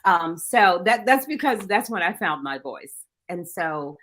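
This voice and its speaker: A woman author talking in a casual interview, animated and quick to laugh. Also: fairly low pitch. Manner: animated, laughs often, shouts out friends. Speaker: author, guest.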